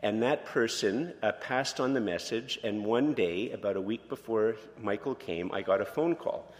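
A man's voice: fairly low pitch, normal speed, few pauses, in a large hall. A man pastor giving a conversational sermon, telling personal stories in an informal, candid way with lots of fillers and restarts. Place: church sanctuary.

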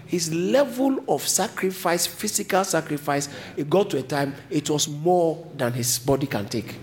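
A man preaching a sermon as a pastor, switching between low explanations and sudden high emphatic lines. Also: normal speed. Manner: animated preaching, jumping to high emphatic pitch.

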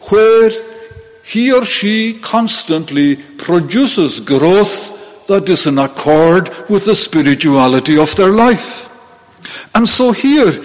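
A man preaching a sermon in church, measured and deliberate, with occasional restarts. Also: high voice. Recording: long reverb of a large hall.

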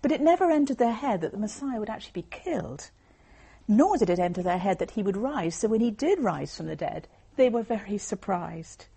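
A woman giving an earnest, measured Christian talk to a group, explaining Bible passages as she reads. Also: mid-range voice, expressive, creaky, mellow, slightly rough. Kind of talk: evangelistic talk with Bible reading.

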